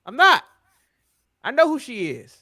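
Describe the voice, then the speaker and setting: An American man co-hosting a casual wrestling podcast, bantering and laughing as he goes. His voice sits high and swings widely in pitch, with a bright, forceful edge. The sound is dry and close. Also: very animated, measured pace, dry recording. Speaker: podcast co-host. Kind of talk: casual chat.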